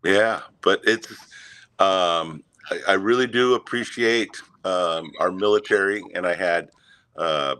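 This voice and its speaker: Halting, low-voiced male storyteller. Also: pushed and bright, clear, resonant tone, dry recording. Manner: halting, many fillers, chuckling. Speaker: guest, Santa performer. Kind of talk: casual chat, storytelling.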